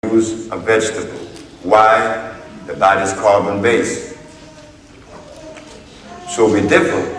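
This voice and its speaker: A man giving a public lecture, telling a story in an unhurried, emphatic way and acting out the dialogue he reports. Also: mid-range voice, a bit bright. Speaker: speaker addressing an audience. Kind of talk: public lecture with retold courtroom exchanges. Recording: echoey hall from far off, faint background noise.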